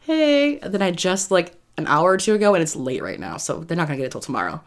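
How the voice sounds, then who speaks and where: A woman's voice: low-pitched, big pitch swings, racing. A woman talking casually to her viewers in a rambling way, giggling often between phrases. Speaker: YouTube creator. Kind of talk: casual vlog talk to viewers.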